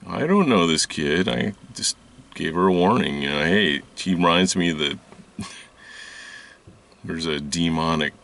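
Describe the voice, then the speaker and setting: A man telling a personal story in a halting, rambling way, with many restarts and fillers. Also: rumbling low, creaky, sharp tone. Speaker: spiritual video host. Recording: voice distant from the mic.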